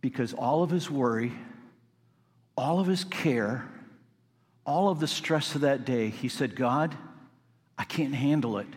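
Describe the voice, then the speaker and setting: A man preaches a sermon at a mid-range pitch, moving from calm explanation to fervent, emphatic passages. His voice carries a long reverb, as if he is in a large church sanctuary. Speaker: pastor.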